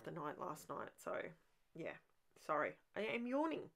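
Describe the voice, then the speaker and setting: A woman's voice: low-pitched, wildly swooping pitch, measured pace, vocal fry, fairly bright tone. A woman hosting a crafting video, talking over her process in a chatty, rambling way that is full of enthusiasm. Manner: chatty, rambling, thinks aloud with frequent restarts; enthusiastic about messy art play.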